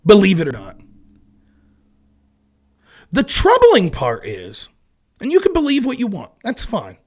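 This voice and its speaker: A male political livestream host with a high, lively voice speaks at a measured pace. His casual commentary is animated and sarcastic, full of mocking imitations of critics and opponents, and he swears freely out of exasperation.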